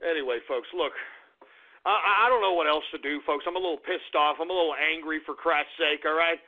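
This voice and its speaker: A man's voice: fairly high pitch, a little fast, lightly acted. An actor playing a furious, paranoid male conspiracy radio host who sputters, swears and repeats himself on a comedy radio show. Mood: indignant ranting. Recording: tinny phone-like radio audio.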